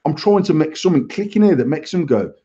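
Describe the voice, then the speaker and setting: High-voiced man ranting, sweary. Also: animated, quick pace, warm tone. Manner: ranting, heavy swearing, worked-up. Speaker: podcast host. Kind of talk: casual live-stream chat, storytelling. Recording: slightly muffled lo-fi stream audio.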